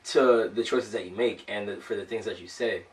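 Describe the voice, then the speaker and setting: A man's voice: on the low side, a little fast, far from the mic, rough recording. A young man co-hosting a casual podcast, talking in long, earnest, slangy rambles. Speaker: podcast co-host.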